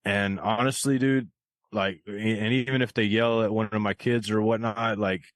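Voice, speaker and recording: Male podcast host, lowish voice, casual rambly delivery, dry recording. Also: steady tone, moderate pace, dry recording. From rural area of the United States. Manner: rambling, lots of fillers. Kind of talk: casual chat.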